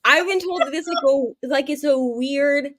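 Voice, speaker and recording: A woman's voice: high-pitched, a bit bright, a little hiss or hum. A woman from northern Minnesota with a Minnesotan accent tinged Southern, chatting casually with lots of fillers and long O's. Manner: rambling, lots of "like", drawn-out O's. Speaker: livestream co-host. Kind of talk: casual chat.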